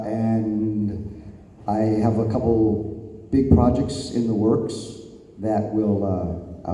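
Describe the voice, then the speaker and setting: A man's voice: on the low side, mellow. A man answering fan questions on a convention panel, telling rambling anecdotes with laughs. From California. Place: large convention hall. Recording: echoey convention hall.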